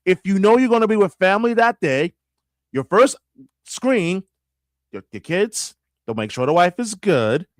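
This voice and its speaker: A man in casual sports talk, animated and often restarting his sentences with stammered repeats. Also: high-pitched, a little slow, dry recording, clean studio sound. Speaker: radio host guest.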